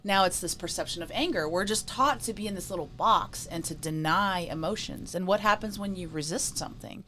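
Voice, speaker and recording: A woman's voice: on the low side, brisk, sharp tone, faint music behind. Emphatic woman co-host of a talk show. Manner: emphatic, asks "right?" often; laughs easily. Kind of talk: casual spiritual talk.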